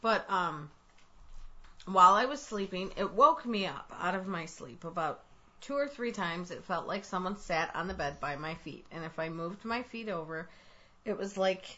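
Lady on ghost radio, lively up and down voice, dry jokes, lo-fi. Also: on the low side, moderate pace. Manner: dry, wry, playful. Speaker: radio co-host. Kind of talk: live paranormal radio chat. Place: dining room of a bed and breakfast. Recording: lo-fi live broadcast.

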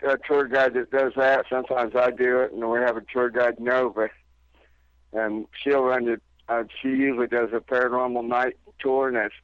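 A radio guest from with a smooth, resonant mid-range voice. He recounts things plainly and calmly. His audio comes through a dull, dry, lo-fi call-in line. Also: medium pitch, normal speed, no room sound. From Indiana. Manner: plain, matter-of-fact storyteller. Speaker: guest, theater caretaker and tour guide. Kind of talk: radio interview.

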